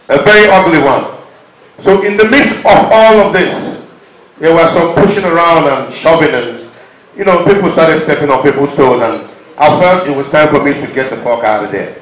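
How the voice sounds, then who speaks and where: A Nigerian man speaking from a stage with a fairly high voice. His delivery is impassioned, swinging between loud urging and hushed, emotional stretches. The sound rings around an echoey venue. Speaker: performer speaking to an audience.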